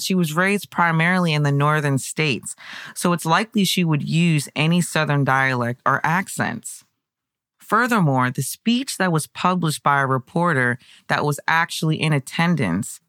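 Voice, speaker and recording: A podcast host narrating history in a conversational way, breaking into excited personal asides. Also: mid-range voice, no echo, studio quality.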